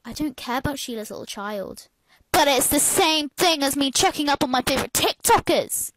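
A woman's voice: sits high, expressive, moderate pace, a bit bright, slight background noise. A woman narrating a storytime in a sassy, chatty way.

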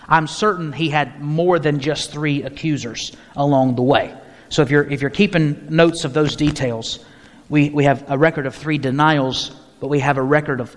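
A pastor with a fairly high, fairly bright voice runs a mid-week Bible study in a church hall, and the recording carries a long hall reverb. He teaches in a conversational way, frequently restarts his phrases, and invites questions from those gathered.

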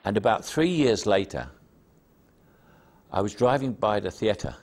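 A man's voice: medium pitch, moderate pace. An older man with a Cockney accent, an actor telling anecdotes about his career in an interview, self-deprecating and full of stories. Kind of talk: reminiscing interview.

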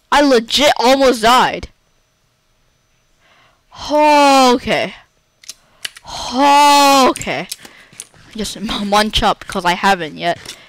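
A woman's voice: fairly high pitch, a bit bright, dry recording. A woman giving chatty gameplay commentary, breaking into dramatic squeals and panicked repeated cries. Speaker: Minecraft let's-play creator.

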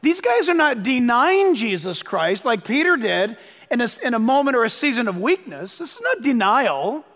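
Preaching as pastor, this man speaks at a moderate pace in a very high, sing-song, fairly bright voice, with long hall reverb on the recording. He delivers the sermon emphatically, repeats phrases for emphasis, and tells listeners to write things down.

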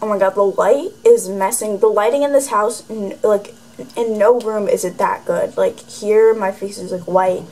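A woman's voice: medium pitch, normal speed, darkish tone, low-quality recording. A teenage girl vlogging to camera from a room at home, rambling and sarcastic, with plenty of "like" in her speech. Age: teens. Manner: rambling and sarcastic, heavy use of "like". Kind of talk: casual chatty vlog. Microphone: camera facing her.

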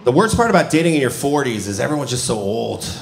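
A man's voice: medium pitch, very animated, quick pace, vocal fry. A man in his forties performing a stand-up comedy set in a live venue, telling stories and acting out quotes in a conversational way. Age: 40s. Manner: conversational storytelling with acted-out quotes. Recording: roomy live venue with loud audience noise.

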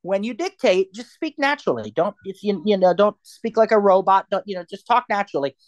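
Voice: mid-range voice, lively intonation, a little fast, dry recording, dull audio. Chatty instructor, dry close sound. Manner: chatty and digressive, thinks aloud with many fillers. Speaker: assistive technology instructor. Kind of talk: live class demonstration.

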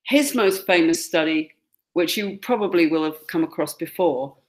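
A woman's voice: on the low side, moderate pace, slight background noise. A woman gives a classroom lecture, pointing out pictures and acting out quoted lines. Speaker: teacher.

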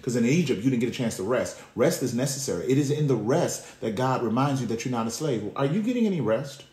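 A male pastor preaching a sermon in a lively, conversational way, full of street slang and direct talk to the congregation. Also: mid-range voice, fast. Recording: roomy echo.

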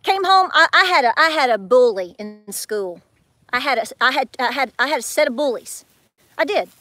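Chatty high-voiced woman. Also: moderate pace. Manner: chatty, animated, acts out quotes with big pitch swings. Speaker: homestead vlogger. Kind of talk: casual storytelling to viewers.

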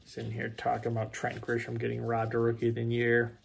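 A man's voice: mid-range voice, monotone, fairly quick, vocal fry, a little hiss or hum. A man opening packs of baseball cards, rattling off player names with joking asides in a casual chat. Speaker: card breaker.

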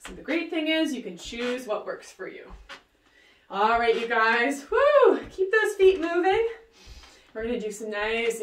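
A woman's voice: a little high, fairly bright tone, a little hiss or hum. A woman leading a workout, upbeat and cheering with whoops and countdowns while she exercises along. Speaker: fitness instructor. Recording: roomy, voice distant from the mic.

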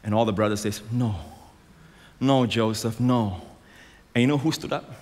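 A man preaching a sermon as a pastor, emphatic and rising to loud exclamations, on a stage microphone in a large church. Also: medium pitch, moderate pace. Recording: long hall reverb.

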